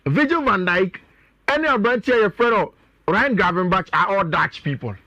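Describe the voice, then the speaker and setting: Animated high-voiced Ghanaian radio pundit. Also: male voice, normal speed, no echo, highs cut off. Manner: animated, chatty, addresses co-host often. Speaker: sports pundit. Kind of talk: radio sports talk show.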